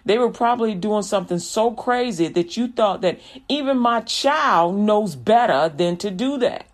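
A woman's voice: medium pitch, expressive, normal speed. Folksy woman preaching casually. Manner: folksy, preachy, laughs often, acts out examples. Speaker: minister.

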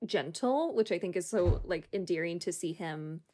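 A woman's voice: lowish voice, animated, moderate pace, warm tone. A young woman co-hosting a podcast, bubbly and rambling, often laughing between thoughts. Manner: bubbly, giggly, rambling with fillers. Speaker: podcast co-host. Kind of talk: casual chat.

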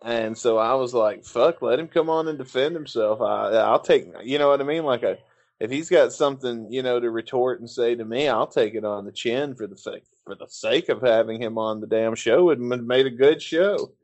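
A man's voice: medium pitch, moderate pace, darkish tone. Profane, rambling male podcast host. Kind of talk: casual chat.

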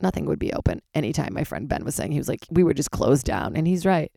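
Tired woman comic with vocal fry. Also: low voice, expressive, fast talker, dark tone, no room sound, studio quality. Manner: candid and loose, swears freely. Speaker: stand-up comedian and podcast host. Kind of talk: casual solo podcast chat. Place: closet.

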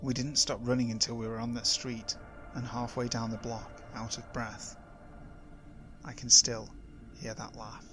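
A man reading first-person horror stories aloud in a measured, steady voice that drops low for suspense. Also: soft background music. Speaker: horror story narrator. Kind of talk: scripted horror narration.

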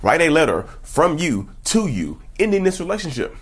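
Husky, animated man giving advice. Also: fairly high pitch, normal speed. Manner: emphatic, preachy, piles up rhetorical questions. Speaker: self-help YouTuber. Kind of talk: casual direct-to-camera advice talk.

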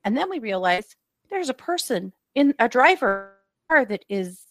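A woman's voice: fairly high pitch, normal speed, dry recording, studio quality. A woman co-hosting a true crime podcast, telling a story in casual chat and acting out what people said. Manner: lively retelling with acted-out quotes.

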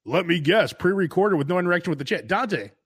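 Guy, animated comic storyteller, high-ish, lots of swing, laughs a lot. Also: fast talker, breathy edge. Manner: animated storyteller, laughs often, acts out quotes. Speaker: podcast host. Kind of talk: casual comedic chat.

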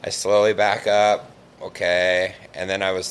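A man with a very low, deep voice spins a long, rambling fishing yarn in easygoing conversation. He leans on "like" constantly and gets animated as the story builds. A faint hiss of background noise sits under the recording. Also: moderate pace. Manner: rambling, animated, heavy use of "like". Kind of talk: casual storytelling chat.

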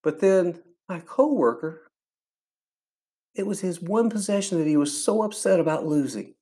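A man, older, hosting a faith podcast and telling a personal story in an earnest, animated way, acting out what people said. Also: high voice, moderate pace. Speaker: podcast host.

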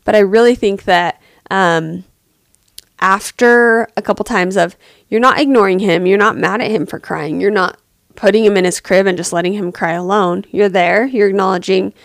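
A woman on a podcast answering a listener's parenting question in a gentle, empathetic way, pausing to think aloud as she talks. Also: medium pitch, no echo, studio quality.

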